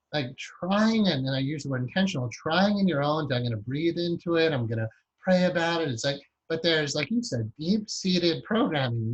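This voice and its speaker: A man's voice: fairly high pitch, dull audio. Talkative man interviewing, full of examples. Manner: talkative, builds long examples, frequent "right?". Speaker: interviewer and hypnotherapy teacher. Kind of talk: conversational interview.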